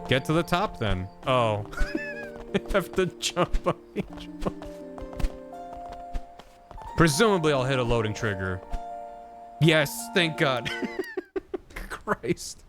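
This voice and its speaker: A man giving casual gameplay commentary as a streamer, playful and wry. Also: mid-range voice.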